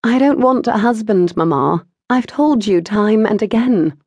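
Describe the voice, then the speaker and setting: A woman voicing a bookish, level-headed woman in her twenties who reasons calmly with her mother. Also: medium pitch, measured pace, no room sound, voice pushed up. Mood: firm. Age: 20s.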